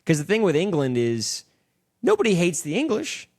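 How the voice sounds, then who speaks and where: A man's voice: fairly high pitch, huge pitch swings, moderate pace, darkish tone, no echo, clean studio sound. A young man chatting casually as a podcast guest, opinionated and swearing, heavy on fillers. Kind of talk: casual chat.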